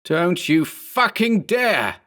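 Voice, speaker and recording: A man yelling as a panicked thirty-something man. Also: high-pitched, very animated, a little fast, voice pushed up, heavily acted. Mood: frantic yelling. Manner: shouting, frantic, swearing. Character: panicked, furious balding thirty-year-old man.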